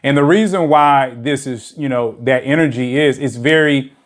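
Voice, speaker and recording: A man's voice: mid-range voice, normal speed. A man hosting a dating channel, talking in a loose, rambling way and packing his speech with "you know" fillers. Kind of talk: casual monologue to camera. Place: lives in a big city.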